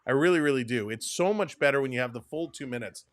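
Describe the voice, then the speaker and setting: A man hosting a live hockey watch-along, calling the play and chatting with viewers, quick to laugh. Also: mid-range voice, no room sound. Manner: excitable, laughs often, reads out viewer comments.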